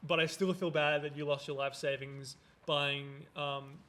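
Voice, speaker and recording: A man's voice: on the high side, steady tone, a little slow, sharp tone, slight background noise. A young adult man hosting a casual podcast chat, musing and talkative. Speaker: podcast host.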